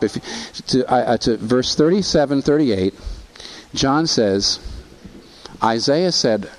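A man preaching a sermon, asking rhetorical questions and rising in pitch on emphasis. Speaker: pastor.

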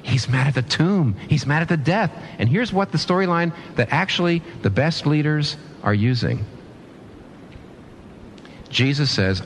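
Animated male preacher, lively pitch. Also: measured pace, a little hiss or hum. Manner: animated preaching with rhetorical questions and restarts. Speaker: pastor. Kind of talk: sermon.

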